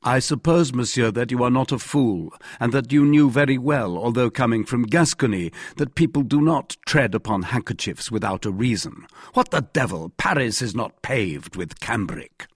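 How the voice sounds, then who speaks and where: A man voicing a mild, cool young male musketeer who speaks with measured politeness. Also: medium pitch, slightly rough, no room sound, clean studio sound, natural voice.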